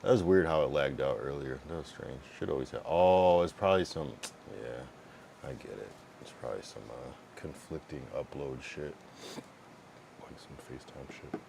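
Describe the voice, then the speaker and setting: Very deep and low with vocal fry, this man's voice moves at a moderate pace as he chats casually with his livestream audience. He rambles, swears bluntly, uses many fillers, and pauses to tinker with his setup over a faint hiss.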